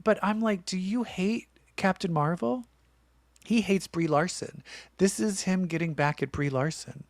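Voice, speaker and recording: A man's voice: sits high, unhurried, no room sound. A man co-hosting a comic book podcast in casual chat, blunt and grumbling, often trailing off while searching for words. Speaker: podcast co-host.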